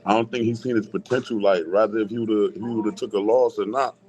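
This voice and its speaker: A man with a lowish voice talks through a fight story in relaxed street slang. He laughs easily and speaks without hurry. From Hartford, Connecticut. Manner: laid-back street slang, quick laughs. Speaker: guest boxer. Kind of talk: casual chat.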